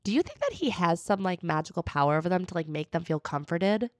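A woman's voice: on the low side, expressive, fast talker, no echo, studio quality. A young adult woman co-hosting a podcast in a playful, casual, mock-dramatic way. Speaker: podcast co-host. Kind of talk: casual chat.

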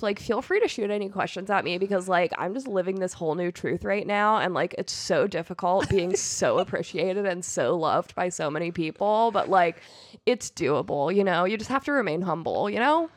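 A woman's voice: fairly low pitch, animated, fairly quick, no room sound, studio quality. A young woman co-hosting a podcast in casual chat, full of ironic self-mocking jokes. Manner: joking, ironic self-mockery. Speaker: podcast co-host.

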